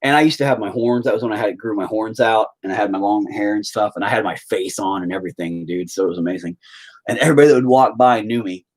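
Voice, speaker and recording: Talking at a quick pace, a man jokes crudely with his live-stream audience in casual chat, now and then breaking into loud, high-pitched outbursts.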